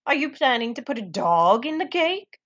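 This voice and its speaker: A woman's voice: on the high side, sing-song, moderate pace, fairly bright tone, dry recording, dull audio. A woman voicing an impatient, stern fairy king in a folktale read-aloud. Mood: incredulous.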